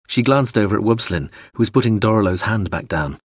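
Brief: very low, husky male narrator, dry close mic, measured reading. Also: animated, no echo. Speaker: audiobook narrator. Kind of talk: scripted narration.

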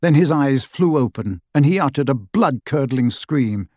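A male audiobook narrator with a mid-range voice reading in a measured, even storytelling manner. The recording is close and dry, with no room sound. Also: mid-range voice, dry recording. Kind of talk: scripted narration.

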